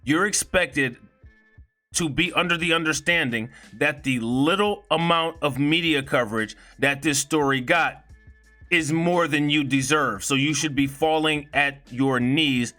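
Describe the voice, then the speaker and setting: A man's voice: on the high side, unhurried, bright, forceful tone, faint music behind. A man giving a heated, profane commentary in a blunt, indignant way. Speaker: video commentator.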